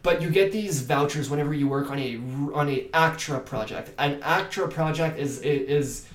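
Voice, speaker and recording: A man from Canada whose first language is French, chatting as an actor in an interview, animated and full of restarts. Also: fairly high pitch, normal speed. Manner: animated, many restarts and fillers. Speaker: actor and podcast guest. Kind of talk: casual interview chat. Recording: echoey room.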